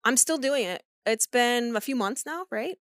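A woman's voice: fairly high pitch, lively intonation, normal speed, a bit bright, no echo, studio quality. A woman co-hosting a podcast in casual chat, chatty and swearing freely, laughing often. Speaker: podcast co-host.

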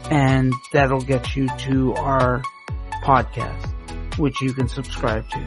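A man reading a scripted show introduction in a measured, informational delivery. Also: medium pitch. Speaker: announcer introducing the host. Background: background music.

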